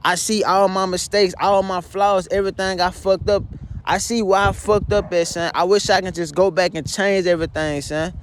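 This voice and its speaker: A man's voice: sits high, fairly even intonation, normal speed, slight background noise. A young man, tearfully venting in a profane, repetitive confessional monologue from his bedroom. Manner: distraught, addresses listener as "son" constantly, profane, repetitive. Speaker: vlogger.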